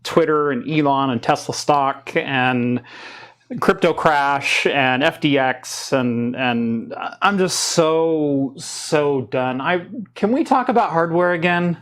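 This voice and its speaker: A man's voice: a little high, slow, fairly bright tone. A man in his thirties with a US West Coast accent, hosting a casual tech show and rambling with restarts and fillers. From Oregon, US. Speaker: podcast host. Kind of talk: casual chat.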